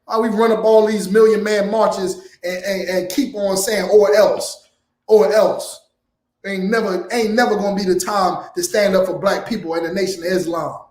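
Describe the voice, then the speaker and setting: A man's voice: high-pitched, steady tone, normal speed, hardly any pauses. A man preaching in a heated, blunt lecture, often ending his lines with "man". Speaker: preacher teaching a class. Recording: echoey room.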